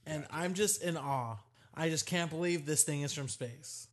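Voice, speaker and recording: Casual tabletop player, slightly higher voice. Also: male voice, unhurried. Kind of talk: tabletop game play.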